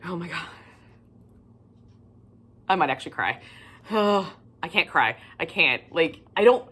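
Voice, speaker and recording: A woman chatting casually in a book haul vlog, gushing and excitable, swearing freely and swinging between loud squeals and whispers. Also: low voice, unhurried, long pauses, breathy edge. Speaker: book vlogger.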